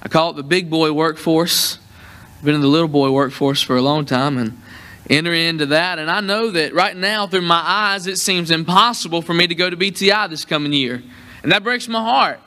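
A man's voice: fairly high pitch, brisk, bright, forceful tone. A young man preaching at a church convention, joking and folksy with the congregation. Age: young adult.

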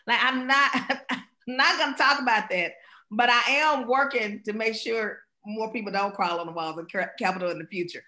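A middle-aged woman speaker from Mississippi, answering questions after a talk and telling stories with quick laughs. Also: medium pitch. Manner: animated storyteller, quick laughs. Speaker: guest speaker.

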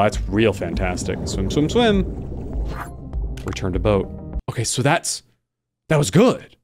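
Excitable man commenting on gameplay. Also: medium pitch. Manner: excitable, sarcastic, jumping between mutters and yelps. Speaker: gaming video host. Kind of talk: casual let's-play commentary.

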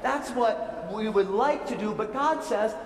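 Speaking unhurriedly in a high-pitched voice, a pastor gives children a playful sermon and keeps asking them questions. The sanctuary setting comes through as an echoey hall with lengthy reverb.

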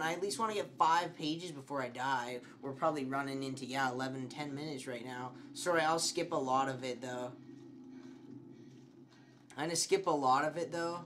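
A man's voice: fairly high pitch, fairly bright tone, slight background noise. Jumpy young man playing a horror game. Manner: jumpy, swears often, yelps and shrieks when scared. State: slightly sick. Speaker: gameplay streamer.

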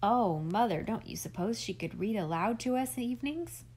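A woman's voice: fairly high pitch, lively intonation, normal speed, a little mellow, husky. A woman voicing an eager old farmer uncle with a homespun, rambling way of talking, in an audiobook. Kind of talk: audiobook character reading.

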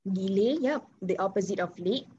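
A woman's voice: medium pitch, expressive, normal speed, warm tone, slightly rough. A woman with a Malaysian accent teaching an online English class, switching between Malay and English and asking students questions. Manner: encouraging, asks students questions. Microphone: video call. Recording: slightly muffled video call audio.

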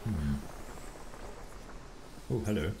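A man's voice: low-pitched, animated, drawn-out words, gravelly, noisy background. A tired man streaming a game, joking and chatting casually with his viewers. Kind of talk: casual gameplay commentary.

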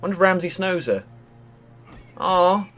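A young man chatting excitably and swearing casually while playing through a video game. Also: sits high, measured pace, faint music behind. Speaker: gaming video host. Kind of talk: let's play commentary.

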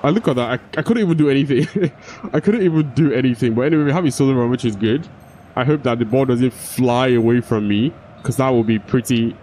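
A man's voice: medium pitch, quick pace, dark tone. Young man, gameplay commentary, frustrated, swearing, faint background noise. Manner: frustrated, swears, restarts sentences. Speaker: gaming YouTuber.

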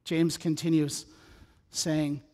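A man's voice: a little high, flat delivery, slow pace, dark tone. A middle-aged man preaching a sermon as pastor, mixing scripture reading with humorous asides and a personal story in a conversational way. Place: church sanctuary. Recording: church sanctuary with long reverb.

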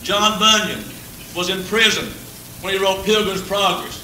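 A man with a high-pitched, steady voice preaches a revival sermon at a church service, speaking a little slowly in a pushed, bright tone. His folksy delivery is humorous, broken by frequent chuckles, and rises to fervent peaks. The old church tape is distant and echoey, with faint hiss.

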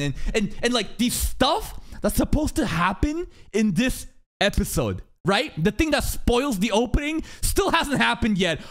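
A man streaming live, commenting on an anime episode and talking to his chat. He swears constantly and swings from loud, excited yelling to low muttering. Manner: talks to chat viewers.

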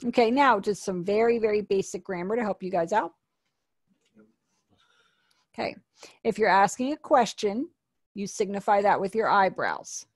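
A woman's voice: mid-range voice, animated, moderate pace, pauses often, dry recording, studio quality. A woman teaching an online sign language class, patiently explaining and repeating each word.

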